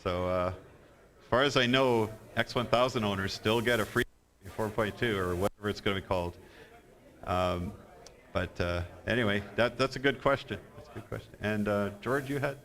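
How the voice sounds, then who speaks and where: A man, a software developer, answering audience questions at a live convention talk, halting and repeating himself with many fillers. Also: lowish voice. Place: convention hall.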